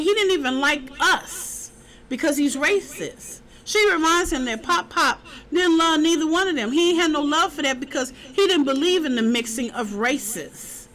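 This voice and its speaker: A woman casually recapping a TV episode, chatty and animated, acting out the characters' lines as she retells the scenes. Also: a little high, poor audio. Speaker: TV show reviewer.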